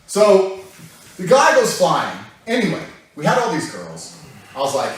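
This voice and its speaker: Animated man in an echoey room. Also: on the high side, measured pace, slight background noise. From England. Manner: animated, profane storytelling that breaks into laughter. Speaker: guest telling a story. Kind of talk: casual anecdote. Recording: very echoey room, mic far off.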